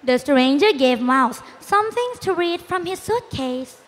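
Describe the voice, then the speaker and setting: High-voiced young woman narrating. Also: expressive, unhurried, in a large hall. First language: Thai. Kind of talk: school readers' theatre narration.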